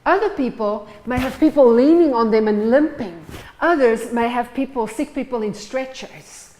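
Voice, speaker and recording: A woman's voice: a little high, animated, moderate pace, a little mellow, slight background noise, low-quality recording. A woman preaching a sermon in church, retelling stories and acting out the scenes. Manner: storytelling, acts out the scenes.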